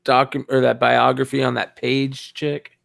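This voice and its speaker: A man's voice: mid-range voice, little pitch movement, unhurried, vocal fry, a bit bright, dry recording, studio quality. A man co-hosting a casual podcast, giving laid-back, brief reactions. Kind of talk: casual chat.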